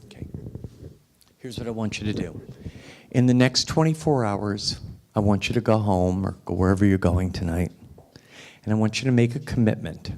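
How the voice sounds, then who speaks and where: A man's voice: on the low side, normal speed, long pauses, a little mellow, a little hiss or hum. A man giving a motivational speech at a restaurant luncheon, emphatic and repeating phrases for effect. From United States. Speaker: guest speaker. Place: restaurant event room.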